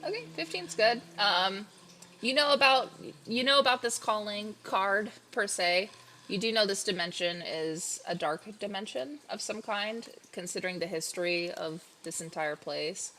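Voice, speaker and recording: A woman's voice: mid-range voice, normal speed, pushed and bright, a little hiss or hum. A woman narrating as game master in a casual, chatty way full of fillers.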